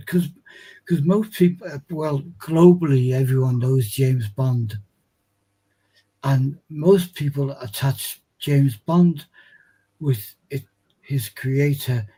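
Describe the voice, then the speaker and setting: A man co-hosting a casual chat, giving measured, reflective replies. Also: fairly high pitch, mellow, breathy edge, low-quality recording. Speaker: co-host.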